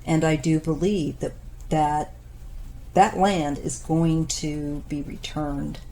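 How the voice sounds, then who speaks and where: A woman in her fifties giving a casual tarot reading, thoughtful and unhurried with many pauses, her voice wearing thin. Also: deep voice, fairly even intonation, mellow, slight background noise. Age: 50s. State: losing her voice. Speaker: tarot reader.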